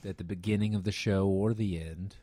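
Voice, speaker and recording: A man's voice: deep voice, fairly even intonation, fairly quick, warm tone. A man co-hosting a casual comedy podcast, trading dry, teasing banter.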